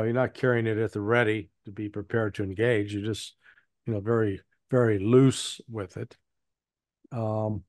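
Blunt and rambling, an analyst in an interview offers casual spoken commentary, often restarting, using fillers, and correcting himself. He has a mid-range voice with a darkish tone, recorded with clean studio sound and no echo.

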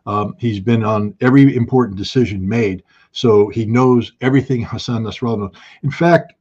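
A man's voice: on the low side, moderate pace, darkish tone, breathy edge, highs cut off. A man giving conversational analytical commentary in an interview, with frequent ums and restarts.

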